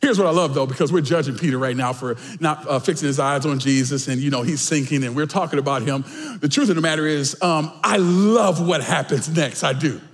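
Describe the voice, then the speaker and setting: A pastor preaching with emphatic swings between loud, shouted lines and soft asides. His voice sits high for a man, and it rings out through a reverberant church hall. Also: brisk. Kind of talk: sermon.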